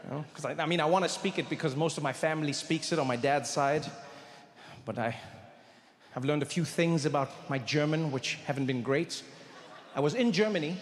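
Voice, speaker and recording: Man, stand-up comic, animated storytelling, high voice, hall reverb, audience ambience. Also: slight background noise. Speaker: stand-up comedian. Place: large theater stage. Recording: stage mic in a reverberant hall.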